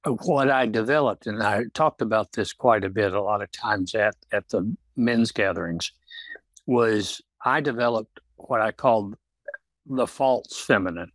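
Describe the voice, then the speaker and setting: An older man speaking slowly and haltingly in a reflective podcast conversation, pausing often and restarting his sentences. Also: lowish voice, a bit bright, dry recording. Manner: slow, halting, with many pauses and restarts. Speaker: guest.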